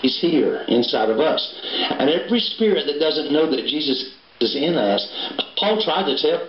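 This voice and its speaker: A man's voice: a little high, very animated, normal speed. Folksy preacher man, roomy recording. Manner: folksy, storytelling preacher with a Southern turn of phrase. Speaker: pastor. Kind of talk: sermon. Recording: roomy, dull livestream recording with hiss.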